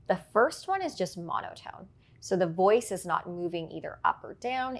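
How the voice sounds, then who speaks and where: A woman's voice: medium pitch, expressive, moderate pace. Articulate woman coaching on speaking. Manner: articulate, explains with examples and frequent "right?". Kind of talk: instructive interview answers.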